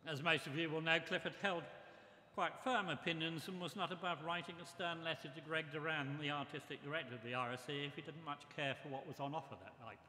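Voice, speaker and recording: An older man giving a memorial tribute speech, reminiscing in a measured way. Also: a little high, fairly even intonation, sharp tone. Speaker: memorial speaker. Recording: echoey hall with long reverb.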